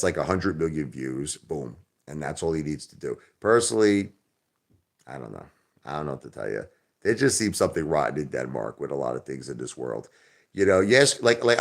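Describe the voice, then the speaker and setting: A man hosting a casual livestream, rambling and repeating himself, jumping from loud outbursts to low mutters and softening his swear words. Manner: minces swear words into euphemisms. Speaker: livestream host.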